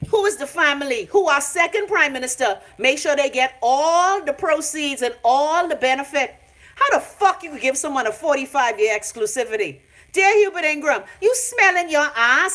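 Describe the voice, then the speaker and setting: A woman's voice: high-pitched, animated, normal speed, a bit bright. A Bahamian woman ranting on a phone live stream from her home, brash, profane and mocking. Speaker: vlogger.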